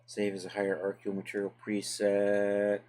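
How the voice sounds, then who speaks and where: A man with a fairly low voice, walking viewers through a software task during a live stream. He chats easily with his audience and narrates each click as he goes, loose and unscripted. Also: normal speed. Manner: relaxed, chatty, talks to chat while working. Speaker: livestream host and 3D software tutor. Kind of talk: casual live tutorial, thinking aloud.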